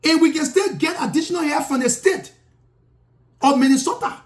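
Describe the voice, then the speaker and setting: Speaking at normal speed in an extremely high-pitched voice, a self-proclaimed prophet rants indignantly about what wrongs him. The monologue is impassioned, repetitive and grammatically broken.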